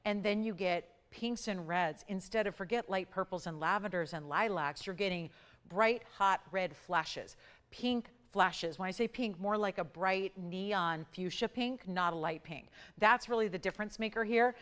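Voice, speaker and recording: A woman hosting a live jewelry shopping show, pitching pieces and counting prices down in an upbeat sales patter. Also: moderate pace, a bit bright, clear, resonant tone. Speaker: shopping channel host. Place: TV studio.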